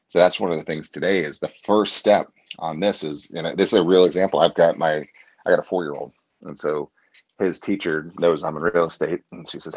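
A man coaching real estate agents, blunt and animated as he tells stories. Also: sits low, breathy edge, lo-fi sound. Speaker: real estate team leader.

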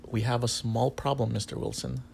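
A man's voice: medium pitch, flat delivery, brisk, gravelly, darkish tone, slight background noise. A man voicing a cold, formal male customs officer who questions curtly. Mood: stern.

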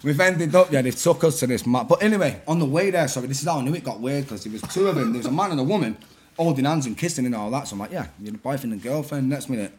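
A man in his thirties with a Manchester accent, telling rowdy stories on a podcast, animated and laughing as he acts out voices. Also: medium pitch, very fast. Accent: Mancunian. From Manchester, England. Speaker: podcast guest, rapper. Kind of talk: casual storytelling chat.

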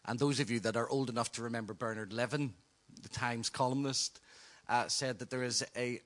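A man co-teaching on worship, steady and earnest as he quotes writers to build his point. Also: mid-range voice, a little fast. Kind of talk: teaching talk, quoting writers.

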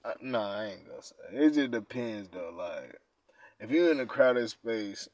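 Laid-back low-voiced man, dry close mic. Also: lively intonation, moderate pace, dry recording. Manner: laid-back, profane slang, swings from mumbling to loud outbursts. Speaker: podcast host. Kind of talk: casual chat reading quiz questions.

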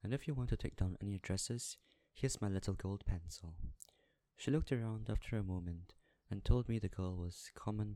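Brief: male audiobook narrator, low voice, measured, dry close recording. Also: dark tone, no room sound. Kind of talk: scripted narration.

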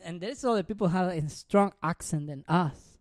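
A woman with a Spanish accent, a native Spanish speaker, chatting casually on a podcast and searching for her words. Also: lowish voice. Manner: halting, searches for words, laughs often. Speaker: podcast co-host. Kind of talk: casual chat.

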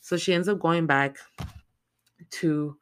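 Animated, foul-mouthed woman recapping a film. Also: sits low, takes it slowly, smooth. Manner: animated, heavy swearing, lots of "like" fillers. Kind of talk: casual profane movie recap.

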